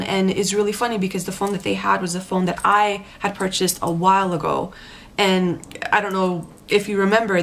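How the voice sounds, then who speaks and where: A woman recounting a frightening dream experience in casual personal storytelling, animated and halting, with many restarts and repeated words. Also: mid-range voice, a little hiss or hum.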